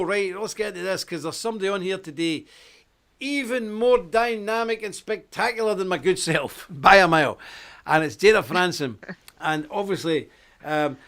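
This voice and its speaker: A man's voice: high voice, normal speed, fairly bright tone. Chatty Ulster man hosting a livestream. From Northern Ireland. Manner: chatty, jokey, greeting viewers by name. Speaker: host. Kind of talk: casual livestream chat.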